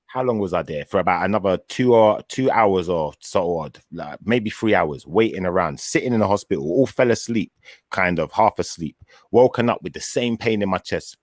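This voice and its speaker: Low-voiced man telling a story. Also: no room sound, studio quality. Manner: animated storyteller, acts out his own quoted words. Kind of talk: casual chat.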